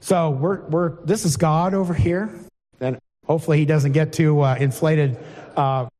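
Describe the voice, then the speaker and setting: Plainspoken preacher in a reverberant hall. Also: male voice, on the high side, fairly even intonation, moderate pace, dark tone. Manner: conversational, plainspoken, asks the congregation questions. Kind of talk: informal sermon with Bible reading. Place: church hall before a congregation.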